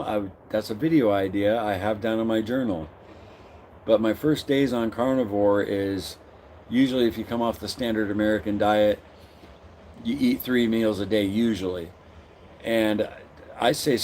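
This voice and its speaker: A man's voice: lowish voice, darkish tone, slight background noise. A middle-aged man hosting a casual live stream, greeting viewers by name and reading their comments aloud.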